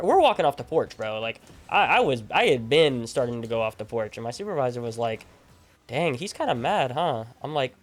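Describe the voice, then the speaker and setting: A young man talks casually while he plays, winding through a story with fillers, false starts and sudden jumps in excitement. His pitch sits in an ordinary middle range. Faint game music runs underneath. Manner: rambling, animated storytelling with many fillers and restarts. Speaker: gaming streamer. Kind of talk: casual storytelling over gameplay. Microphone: desk microphone at a gaming setup.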